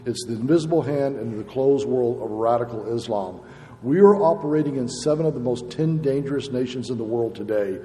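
A man's voice: medium pitch, dark tone. A middle-aged man preaching a sermon as a pastor, emphatic and impassioned, with rising bursts of intensity. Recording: long reverb in a large hall, faint noise.

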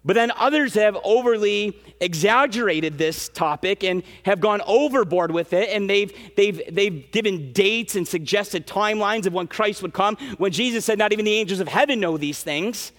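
A man preaching a sermon as pastor, earnest and emphatic, with quick asides and restarts. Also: high voice, animated, a bit bright, long reverb tail. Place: church sanctuary.

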